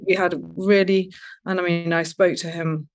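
A woman, an interview guest telling stories in a halting, rambling way with many restarts. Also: fairly low pitch, level tone. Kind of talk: casual conversational interview.

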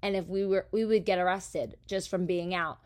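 A woman from New Jersey, a podcast host, telling a story in a casual, animated, profane way. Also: fairly low pitch, normal speed.

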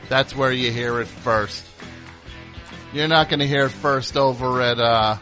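A man's voice: mid-range voice, steady tone, unhurried, sharp tone, faint music behind. A man hosting a talk radio show, rambling through a sarcastic, mocking monologue. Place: radio studio.

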